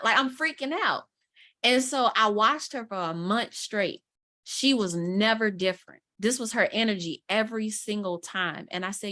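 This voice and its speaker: A woman's voice: on the high side, moderate pace. A woman, a guest mentor telling a story in casual interview talk, acting out quotes as she goes. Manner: animated storyteller, acts out quotes. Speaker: guest mentor, content strategist.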